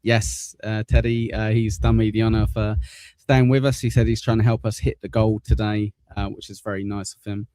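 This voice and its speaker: Give me a blunt, low-voiced male stream host. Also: little pitch movement, moderate pace, warm tone, no echo. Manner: blunt, swearing, reads viewer messages aloud. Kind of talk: casual live stream chat.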